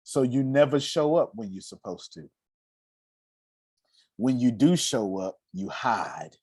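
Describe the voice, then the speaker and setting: Coaching a group over a video call, a man with a darkish mid-range voice speaks slowly yet animatedly, in a clean studio recording with no echo. His motivational talk is blunt, profane and emphatic, and he acts out the voices he quotes.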